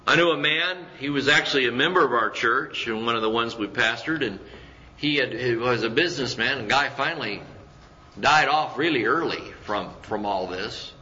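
Man, pastor, chatty sermon, bright tone, dull lo-fi church recording. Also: medium pitch, normal speed, echoey room, slight background noise. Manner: conversational preaching with rhetorical questions and mimicked voices.

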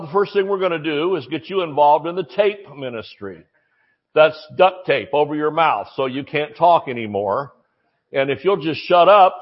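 A man's voice: on the high side, breathy edge, dull audio. A man preaching a sermon in a folksy, joking, emphatic way.

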